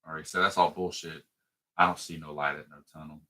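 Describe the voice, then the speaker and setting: A man co-hosting a casual podcast, excitedly recapping a film scene by scene, swearing freely and acting out the characters' lines. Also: very deep voice, a little fast. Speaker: podcast co-host.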